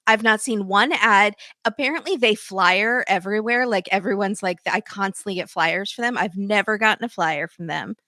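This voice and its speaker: Podcast guest, woman, bright tone, joking banter, dry sound. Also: mid-range voice, normal speed, few pauses, no room sound. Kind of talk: casual podcast chat.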